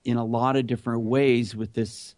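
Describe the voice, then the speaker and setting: A man's voice: mid-range voice, flat delivery, moderate pace, darkish tone, no echo. A middle-aged man telling his story earnestly in a conversational interview. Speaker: guest, anti-bullying speaker.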